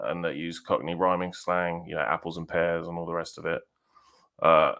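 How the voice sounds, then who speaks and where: A man with a southern English accent and a very low, deep voice talks on a podcast. He speaks bluntly and casually, with easy laughter. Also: fairly bright tone. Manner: blunt, chatty, laughs easily. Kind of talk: casual chat.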